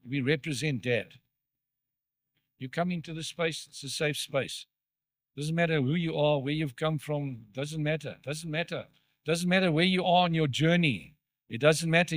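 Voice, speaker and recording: A pastor in church preaches a conversational sermon, asking the congregation questions. His voice sits on the high side and is a bit bright, in a dry recording.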